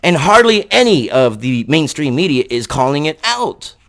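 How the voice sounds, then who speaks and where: A man's voice: a little high, big pitch swings, normal speed, fairly bright tone. Angry, sarcastic man ranting. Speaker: political commentary vlogger. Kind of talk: ranting political commentary.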